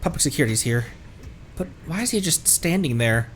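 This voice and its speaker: A man's voice: fairly high pitch, animated, brisk, a little hiss or hum. A male streamer reading game dialogue aloud in a playful way. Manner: playful, voices the characters.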